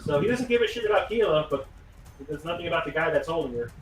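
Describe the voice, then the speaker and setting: A man narrating a tabletop game as game master, casual and quick to laugh, swearing freely as he describes the action. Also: a little high, lively intonation.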